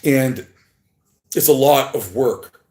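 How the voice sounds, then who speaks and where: A man livestreaming alone, rambling and halting as he talks to his chat. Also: mid-range voice, a little mellow. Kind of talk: rambling solo livestream talk. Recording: echoey room.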